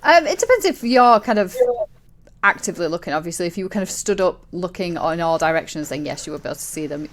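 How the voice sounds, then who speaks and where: A woman's voice: lowish voice, lively intonation, quick pace, a little hiss or hum. A woman narrating as game master of a tabletop game, chatty and playful, with lots of fillers and laughs.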